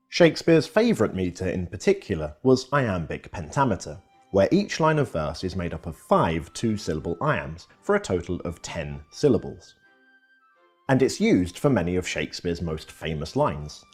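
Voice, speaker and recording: A man's voice: low-pitched, very animated, normal speed, a little mellow, husky, soft background music. A man giving scripted educational narration, explaining with quoted examples.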